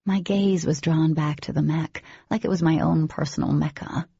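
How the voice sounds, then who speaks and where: A woman narrating an audiobook in first person, with an expressive reading and a husky, creaky voice. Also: low-pitched, normal speed, no echo, dull audio.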